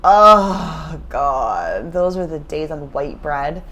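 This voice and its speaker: A woman co-hosting a casual travel podcast from a hotel room, her voice sitting on the low side. She talks loosely and chattily, peppering her lines with "like" and casual swearing, and she is feeling sick. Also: lively intonation, takes it slowly, fairly bright tone. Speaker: podcast co-host. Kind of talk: casual chat.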